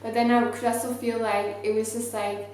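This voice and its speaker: A young woman who is not a native English speaker, telling a story to camera in an earnest, animated way with lots of "like". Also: fairly high pitch, normal speed. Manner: earnest, animated, many fillers like "like". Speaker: vlogger. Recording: very echoey space with faint ambient noise.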